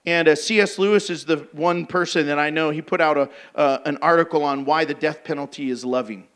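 A man's voice: on the high side, fairly quick, a bit bright. A man preaching a sermon in a blunt, emphatic, exhorting way.

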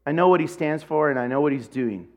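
A man voicing a stern male high school teacher who speaks slowly and coldly in a scolding tone. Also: darkish tone, long reverb tail, close to an everyday voice. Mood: disgusted. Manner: slow, cold, scolding.

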